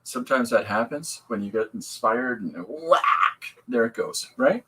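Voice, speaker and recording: Husky man chatting casually on a stream. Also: medium pitch, lively intonation, unhurried, sharp tone, low-quality recording. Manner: rambling, upbeat, greets viewers. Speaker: podcast host and comic artist. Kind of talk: casual livestream chat.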